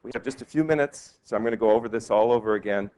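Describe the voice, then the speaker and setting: A male law professor giving a classroom lecture, lively and quizzing his students with questions. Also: fairly low pitch, rapid-fire, a little hiss or hum. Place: law school lecture hall.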